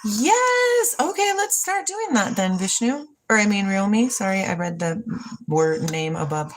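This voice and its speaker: Animated, rambling woman in her forties. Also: mid-range voice, unhurried. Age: 40s. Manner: rambling, dreamy and playful, reads chat comments aloud. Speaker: livestream host. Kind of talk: casual chat with live chat.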